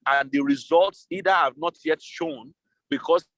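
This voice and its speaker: A man's voice: a little high, unhurried, a bit bright, no room sound. A man, a business consultant, answering interview questions over a remote call, laying out his points step by step. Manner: methodical, lays out scenarios step by step.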